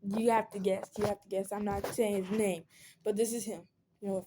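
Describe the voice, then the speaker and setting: A woman's voice: medium pitch, little pitch movement, brisk, mellow, a little hiss or hum. A teenage girl telling a personal story in a casual storytime vlog. She rambles, fills her talk with "like" and "um", and acts out the people she quotes.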